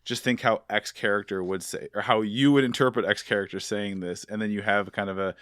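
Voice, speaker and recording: A man hosting a podcast, chatty and enthusiastic, with a somewhat low voice. The sound is dry and close, from a studio. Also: steady tone, brisk, a bit bright, dry recording. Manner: enthusiastic, chatty, with filler words. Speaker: podcast host. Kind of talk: casual podcast interview.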